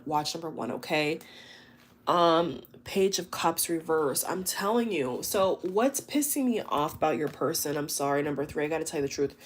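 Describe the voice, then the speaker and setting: A woman's voice: low voice, slight background noise. Chatty woman doing a tarot reading. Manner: emotive, exclaiming, chatty with many fillers. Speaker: tarot reader.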